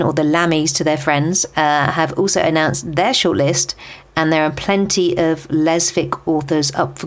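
Chatty British podcast host, a woman with a lowish voice, reading a book roundup with asides. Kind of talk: scripted book chart roundup.

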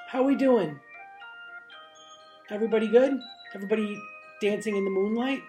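A woman's voice: on the high side, normal speed, mellow, faint music behind. A woman hosting an internet radio show, chatting in a loose, rambling way and joking about herself. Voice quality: rambling, joking, self-mocking. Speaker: podcast host. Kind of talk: casual chat.

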